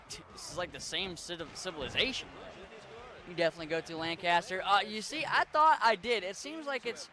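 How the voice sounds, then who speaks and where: A man's voice: fairly high pitch, sharp tone, a little hiss or hum. A young man from western Maryland with a mixed Pittsburgh and Appalachian accent, chatting casually and rambling as he streams a game, swearing now and then. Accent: western Maryland, Pittsburgh-Appalachian mix. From western Maryland, USA. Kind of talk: casual chat while gaming.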